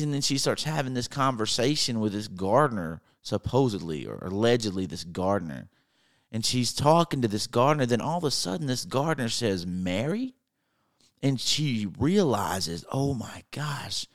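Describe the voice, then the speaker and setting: Male podcast preacher, earnest, stumbling restarts, mid pitch, conversational sermon. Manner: earnest, repeats words and restarts while retelling Bible stories.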